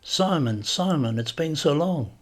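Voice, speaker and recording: A man's voice: a little high, expressive, unhurried, pitched above the performer's own voice. A man voicing an effusive middle-aged Spanish man with a thick Catalan accent, who greets an old friend insistently. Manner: warm, insistent, repeating himself.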